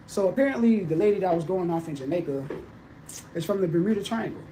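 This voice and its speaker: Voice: mid-range voice, animated, fast, dark tone, a little hiss or hum. A speaker in a played clip delivering an angry, insulting, profane casual rant.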